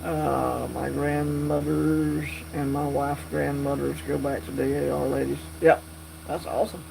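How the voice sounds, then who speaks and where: A man hosting a casual live stream, chatting with viewers in a relaxed, drawling way. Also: fairly high pitch, measured pace, vocal fry, low-quality recording. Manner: drawling, relaxed, reads and answers chat. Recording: faint mains hum.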